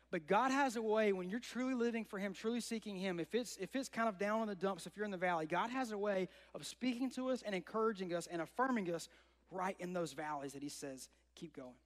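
A young man with a high-pitched voice delivers a casual, conversational sermon, tossing rhetorical questions out to his listeners. His voice rings with a long reverb, as if it were recorded in a large hall. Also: a bit bright. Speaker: preacher.

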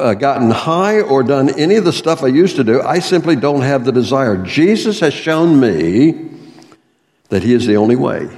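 A man's voice: mid-range voice, darkish tone. Man, pastor, earnest sermon, emphatic phrasing, reverberant church hall. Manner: earnest, reads aloud a testimony and scripture with swelling emphasis.

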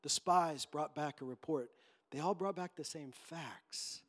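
Male pastor, high-pitched, fervent sermon delivery, acts out quotes. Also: a little slow, fairly bright tone. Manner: impassioned, emphatic preaching with acted-out quotes.

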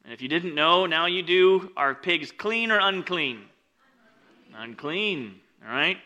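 Slow and expressive, a man preaches a casual sermon, reading scripture aloud and explaining it in a conversational way. He leans on "like" and "right?" and moves between loud emphasis and quiet, lowered asides.

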